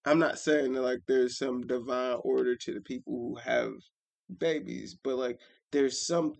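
Gravelly, rambling podcast co-host man. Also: medium pitch, steady tone, darkish tone. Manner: rambling, halting, many restarts, reflective. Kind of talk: casual chat.

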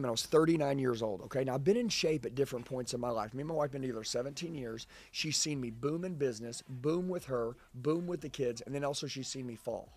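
A man in his forties, a sales trainer, giving an intense, emphatic motivational talk full of personal storytelling. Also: medium pitch.

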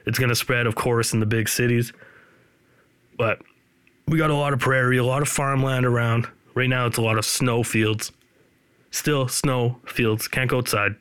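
A man from Canada, hosting a podcast in a rambling, deadpan, self-deprecating way. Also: mid-range voice, moderate pace, smooth, dry recording. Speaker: podcast host. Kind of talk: casual solo podcast monologue.

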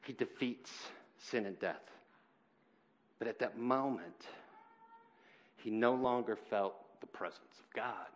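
A man preaching a sermon in church, earnest and halting, swinging between loud emphasis and quiet, heavy moments. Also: on the low side. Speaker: pastor.

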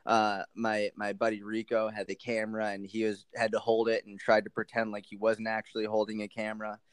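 A man speaking as a podcast guest on nutrition, animated and rambling with many restarts. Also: on the low side, brisk, clear, resonant tone, dry recording. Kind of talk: casual interview chat.

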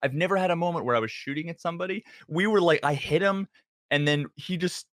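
A man's voice: on the high side, quick pace, fairly bright tone, dry recording, studio quality. A man who streams games, telling rambling stories in casual podcast chat. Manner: rambling storyteller. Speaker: game streamer.

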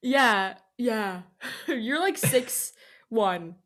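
A woman's voice: a little high, animated, very slow, a bit bright. A young woman co-hosting a podcast over a video call, playful and rambling, laughing often. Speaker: podcast co-host. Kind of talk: casual chat.

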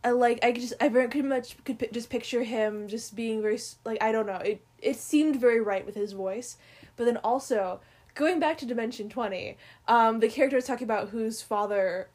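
A woman co-hosting a podcast, chatting excitedly about characters and often trailing off and restarting. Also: a little high, fairly quick. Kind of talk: casual chat about books.

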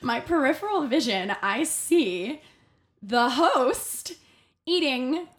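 A young adult woman appears as a podcast guest, recounting a story from work in a relaxed, animated style packed with fillers and acted-out quotes. Her voice is high and she speaks slowly.

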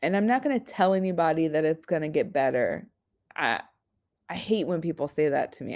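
A woman in her twenties hosting a podcast, talking in a raw, candid personal monologue that is full of halting restarts and frank swearing. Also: low voice, animated, a little mellow. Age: 20s. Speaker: podcast host.

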